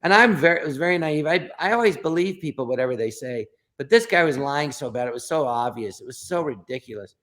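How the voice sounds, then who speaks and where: An older man spins show-business stories in a slightly high voice, full of stammers and restarts. He jumps into quick little impressions of the people in each story, then drops back into easy chat. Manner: animated, acts out quotes with voices, stammers and restarts. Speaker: guest comedian. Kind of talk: casual interview storytelling.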